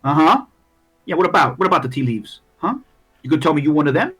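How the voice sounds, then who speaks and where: Pria memerankan anggota geng halfling yang gelisah dan kasar. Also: male voice, a little high, expressive, fast, a bit bright, slightly rough, faint music behind, voice pushed up. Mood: suspicious. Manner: profane, twitchy, tough-talking. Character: jumpy male halfling gang members.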